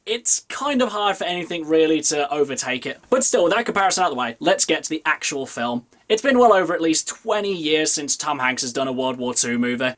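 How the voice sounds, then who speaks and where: A man giving a casual spoken movie review, chatty, with emphatic jumps up in pitch on key phrases. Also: fairly bright tone. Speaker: film reviewer.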